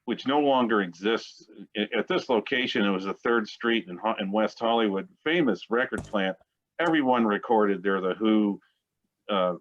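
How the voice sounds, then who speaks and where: Appearing as a guest musician in a casual interview, a man of around sixty with a fairly low voice tells rambling, chatty anecdotes. The recording sounds dull and lo-fi.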